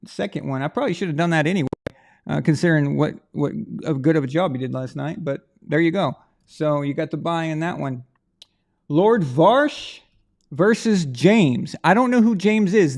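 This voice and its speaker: A man with a fairly high, gravelly voice, hosting a live stream. He rambles in a loose, chatty way and talks straight to the people watching as he runs a draw. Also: lively intonation, moderate pace, a little mellow. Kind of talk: casual live stream chat, running a prize draw.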